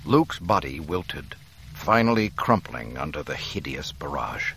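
A middle-aged man reads a dramatic audiobook in a low, deep voice. His delivery is expressive and animated, with wide swings in pitch, over a faint background noise. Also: measured pace, rough recording. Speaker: audiobook narrator.

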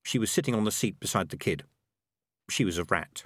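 Expressive male audiobook narrator, dry sound. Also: on the low side, brisk, slightly rough, no room sound. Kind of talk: scripted narration.

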